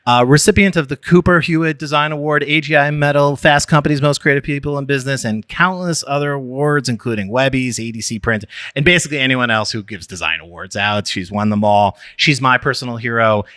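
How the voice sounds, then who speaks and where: A man hosting a podcast, loud, bold and playful as he chats and introduces his guest. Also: mid-range voice, brisk, hardly any pauses, clear, resonant tone, no echo. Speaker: podcast host.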